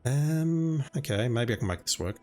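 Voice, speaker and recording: A man streaming a video game, hoarse and losing his voice, planning his moves aloud as he plays. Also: medium pitch, animated, moderate pace, a little mellow, faint music behind. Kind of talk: gaming commentary.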